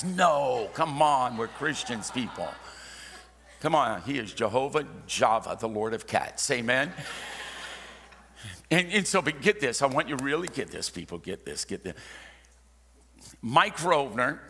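A man preaching a sermon, telling stories with jokey asides and dropping suddenly from loud to hushed. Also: mid-range voice, breathy edge. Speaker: pastor. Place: church sanctuary. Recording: long hall reverb.

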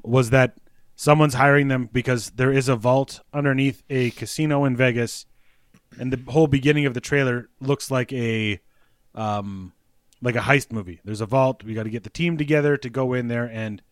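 A young man hosts a casual podcast, talking in an upbeat, chatty way. His voice sits at an ordinary middle pitch and the recording is close and dry. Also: dry recording. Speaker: podcast host.

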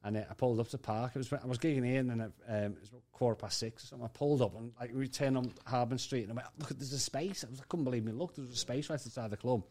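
A man's voice: mid-range voice, racing, few pauses, a little mellow. Guy rambling on, telling a story in a podcast chat. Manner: chatty, rambling questions. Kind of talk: casual chat.

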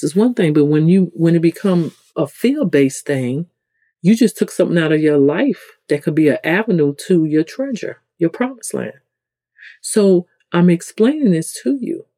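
New York-accented spiritual host, loose chatty teaching, warm tone, dry recording. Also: lively intonation, normal speed, dry recording. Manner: conversational, rambling, with frequent restarts; acts out quoted people with sudden pitch jumps. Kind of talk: casual spiritual teaching talk.

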